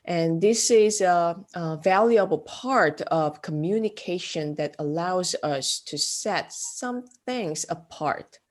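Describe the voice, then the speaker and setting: A woman giving a classroom art lecture, speaking haltingly with many fillers. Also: fairly low pitch, lively intonation. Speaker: art instructor.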